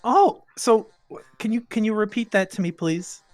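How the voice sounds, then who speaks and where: A woman's voice: medium pitch, lively intonation, normal speed, a little mellow, dry recording, soft background music. A woman playing in a tabletop role-playing game, speaking in a mocking, teasing way. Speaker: player.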